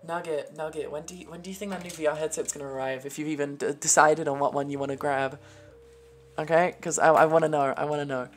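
A woman hosting a live stream in casual chat, rambling, excitable, swearing and laughing often. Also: low-pitched, fast talker, a little hiss or hum. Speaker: streamer host.

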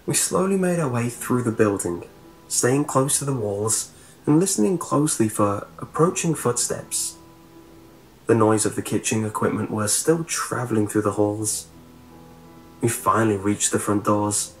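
A man reading a scary story aloud in a steady, measured narrating voice. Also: mid-range voice, roomy sound, soft background music, poor audio. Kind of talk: scripted horror narration.

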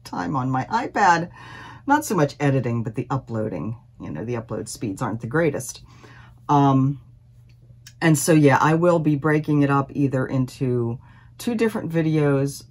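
A woman talking casually to her viewers in a rambling, chatty way, with fillers and self-deprecating asides, recorded at home. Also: extremely low pitch. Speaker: cross stitch vlogger.

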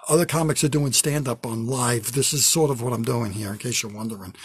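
Husky-voiced older comedian doing stand-up from his basement. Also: medium pitch, moderate pace, dry recording. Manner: wry, self-deprecating, with loud bursts for bits. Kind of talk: stand-up routine from home. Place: home basement.

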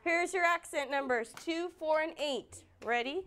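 A woman's voice: high-pitched, unhurried, few pauses. Encouraging woman teaching a dance class. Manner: encouraging, counts beats aloud, swings between loud praise and hushed counting.

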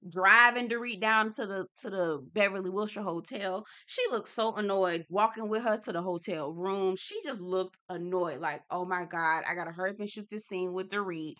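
A woman's voice: medium pitch, pushed and bright. A woman hosting a casual TV recap vlog, sassy and slangy, talking straight to her viewers. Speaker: TV recap host.

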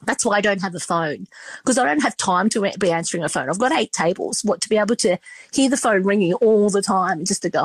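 A woman's voice: medium pitch, lively intonation, fairly quick, husky, no echo. A woman, a restaurant owner telling stories in a casual podcast interview, chatty and full of fillers. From Australia. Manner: chatty, emotional storytelling with many fillers.

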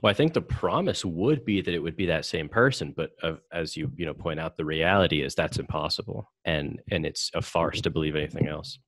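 Male podcast host, deep voice, dry close sound, halting casual delivery full of fillers. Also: lively intonation, fairly bright tone, dry recording. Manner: hesitant, many fillers and restarts. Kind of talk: casual conversational discussion.

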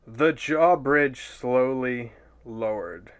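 A man's voice: mid-range voice, drawn-out words, clear, resonant tone. A man reading a children's storybook aloud for comedy, with sarcastic, playful asides.

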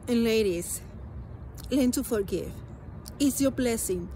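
A woman's voice: on the high side, warm tone, slight background noise. Earnest woman. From Spanish-speaking country. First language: Spanish. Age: adult. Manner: earnest, halting, emotional storytelling. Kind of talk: personal testimony.

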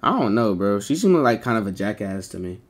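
A man's voice: lowish voice, sing-song, fairly quick. A man livestreaming, chatting casually to his viewers in rambling slang full of swearing.

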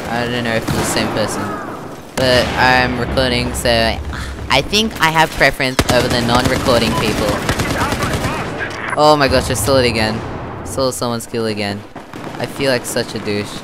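A man's voice: mid-range voice, fairly even intonation, moderate pace, long pauses, heavy background noise. A young man from Australia chatting his way through gameplay commentary, narrating his own moves as he plays. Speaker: gaming channel host. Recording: loud game gunfire behind voice.

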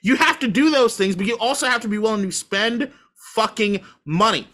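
A man's voice: sits high, brisk, bright, forceful tone. Heated, swearing man ranting about sports. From Washington, D.C. area. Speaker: podcast co-host. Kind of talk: casual sports talk.

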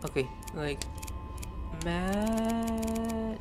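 Speaking extremely slowly in a high voice, this man streams gameplay with casual let's-play chatter. He reads the on-screen text, spells words out one letter at a time, and curses when caught off guard, with game music playing behind him.

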